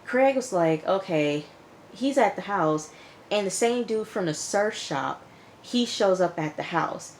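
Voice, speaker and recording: A woman's voice: medium pitch, expressive, a little slow, a little hiss or hum. A woman giving a casual recap of a TV episode, retelling scenes with "he was like" and making frank asides to the viewer. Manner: chatty retelling, quotes characters with "he was like". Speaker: TV show reviewer.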